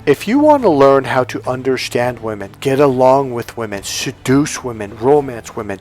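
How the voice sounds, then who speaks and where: A man's voice: mid-range voice, animated, moderate pace, few pauses, a little mellow. A man who works as a dating coach tells a story in a casual monologue, emphatic and repeating key words.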